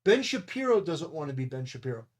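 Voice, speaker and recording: A man's voice: a little high, very animated, fast talker. A man hosting his own commentary channel, talking through an online argument in a blunt, combative way. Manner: blunt and combative, insulting and dismissive. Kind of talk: opinion commentary monologue.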